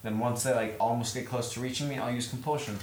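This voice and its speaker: Rambling man pitching a scheme. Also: quick pace. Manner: rambling, excited planning with many fillers. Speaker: player. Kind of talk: tabletop game banter. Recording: echoey room, faint noise.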